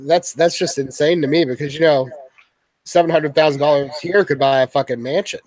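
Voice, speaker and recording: Blunt, cussing higher-voiced man. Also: steady tone, fairly quick, darkish tone, no room sound, poor audio. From Louisville area, US. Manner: blunt, swears casually. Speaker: stream host. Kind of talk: casual chat.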